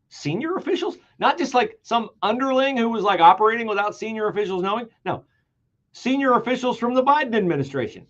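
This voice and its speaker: A man's voice: high voice, muffled recording. A man hosting a political talk radio show, delivering an emphatic, sarcastic monologue that repeats key words for emphasis.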